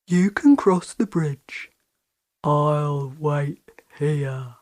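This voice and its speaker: Greedy male troll, woman putting him on, roaring, very slow chanting, storybook. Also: low voice, darkish tone, pitched below the performer's own voice. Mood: sly.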